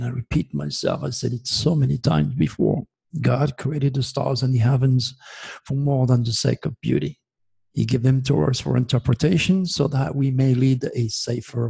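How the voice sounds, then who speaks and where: French-accented male host, slow, very gravelly, dark tone, insistent self-promoting monologue. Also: mid-range voice. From France. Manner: emphatic, insistent, repeats himself. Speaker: astrologer host.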